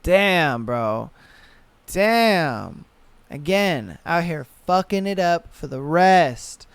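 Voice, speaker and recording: A man's voice: fairly high pitch, very slow, gravelly, smooth, no room sound. Young guy ranting on his podcast, annoyed and swearing a lot, dry close sound. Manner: exasperated, profane, animated. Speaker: podcast host. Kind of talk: casual reaction rant.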